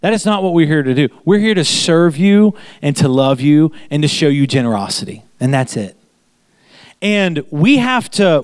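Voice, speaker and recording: A man's voice: a little high, clean tone, dry recording. A man pastor giving a chatty sermon, telling anecdotes and repeating phrases for emphasis. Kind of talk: conversational sermon.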